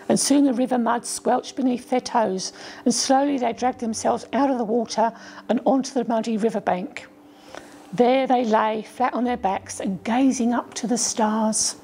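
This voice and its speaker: A woman reading her own children's story aloud as a storyteller, gently voicing the children's lines. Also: a little high, gravelly, slight background noise. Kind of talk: storybook narration.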